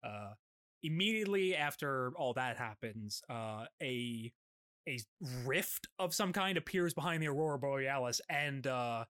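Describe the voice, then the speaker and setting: A man's voice: mid-range voice, expressive, unhurried, fairly bright tone, clear, resonant tone. A man hosting a casual podcast chat, recapping an episode with frequent laughter and hamming up quoted lines. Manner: laughs often, reads quotes in a put-on voice.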